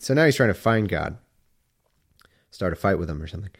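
A man reading old scripture aloud slowly, breaking off for irreverent, wry asides. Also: sits low.

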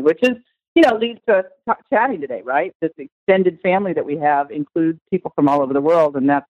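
A woman's voice: low-pitched, no echo, narrow, tinny audio. A woman guest in a conversational interview, talking with enthusiasm and at length. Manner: enthusiastic, talkative. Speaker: guest, tour organizer.

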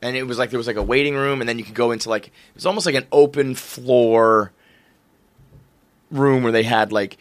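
A man's voice: medium pitch, fairly even intonation, a little fast, dry recording. A man chatting casually as a host, telling a rambling story, swearing freely and laughing often. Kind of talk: casual chat.

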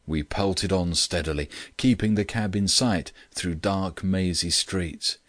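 A man reading a classic story aloud in measured, scripted narration. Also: deep voice, a bit bright, no room sound. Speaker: audiobook reader.

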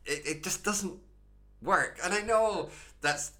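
A Scottish man talks through a story on a casual podcast, pointing out its flaws and circling back with frequent restarts. His voice is bright and lively. He sounds thoughtful rather than angry. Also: sits high, takes it slowly. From Scotland. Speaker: podcast co-host.

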